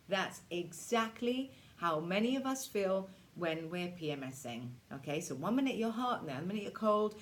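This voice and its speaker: A woman in her forties leading a casual self-care workshop for teens, chatty and reassuring, slipping into quick voices to act out moods. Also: medium pitch, expressive. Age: 40s. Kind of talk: casual teaching talk to teens.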